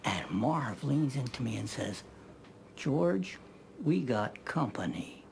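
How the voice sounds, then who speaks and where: A man's voice: mid-range voice, sing-song, slow, creaky, a little mellow, a little hiss or hum, heavily acted. An actor playing a folksy older male barber who spins rambling yarns in an easygoing way. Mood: amiable. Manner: easygoing, rambling yarn-spinner.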